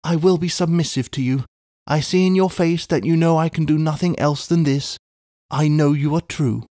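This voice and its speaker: A woman's voice: sits low, fairly even intonation, moderate pace, dark tone, dry recording, studio quality, lightly acted. A man voicing a distraught young woman who pleads breathlessly in a storybook reading. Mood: submissive. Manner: breathless, imploring.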